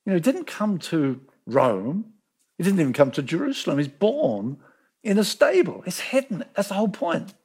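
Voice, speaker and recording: A man preaching a sermon, telling the story with lively emphasis and repeating words to drive points home. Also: high voice, normal speed, breathy edge. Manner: animated storytelling, acting out quoted voices.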